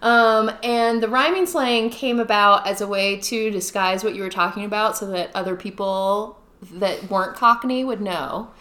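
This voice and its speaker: Bright-voiced woman, laughs easily. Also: medium pitch, normal speed. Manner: laughs easily, self-deprecating. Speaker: regular co-host. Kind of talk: casual chat.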